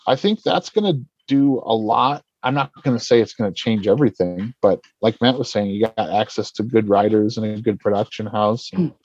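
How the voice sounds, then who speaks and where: A man's voice: fairly low pitch, a little fast, a little mellow, slightly rough, no echo, lo-fi sound. A man co-hosting a casual podcast chat, rambling and restarting mid-sentence. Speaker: podcast co-host.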